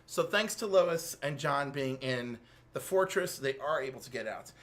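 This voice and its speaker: An American man co-hosting a show, animatedly recapping comics in casual chat and acting out character lines. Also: moderate pace. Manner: animated storyteller, acts out character lines with big pitch jumps. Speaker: co-host.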